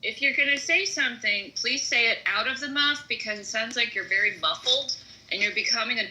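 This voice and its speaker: High, bright-voiced woman, teasing. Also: fairly quick, roomy sound, slight background noise, rough recording. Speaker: participant in an online voice chat room. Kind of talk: casual group chat.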